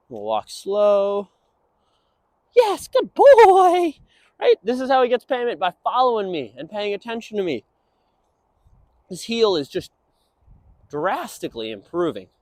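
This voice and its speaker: A young man training a dog, explaining casually and breaking into high sing-song praise for it. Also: dry recording. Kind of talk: instructional walk-and-talk.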